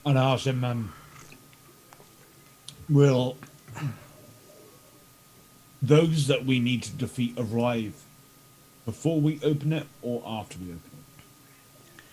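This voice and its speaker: Male player, mid-pitched, slow, polite, hesitant delivery. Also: warm tone, low-quality recording. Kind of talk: tabletop game play.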